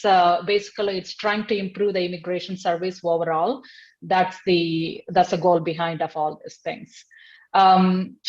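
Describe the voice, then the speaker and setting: A woman giving an immigration webinar over a video call, talking quickly with many fillers and restarts. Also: fairly low pitch, darkish tone, dry recording, muffled recording. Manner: rapid, halting speech with many fillers and restarts. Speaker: immigration attorney guest. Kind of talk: webinar presentation.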